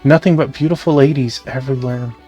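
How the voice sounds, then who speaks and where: A man reading the part of a flirtatious adult man who sweet-talks every woman, with flowery, theatrical flattery. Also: medium pitch, fairly quick, soft background music, natural voice. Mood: smug flattery.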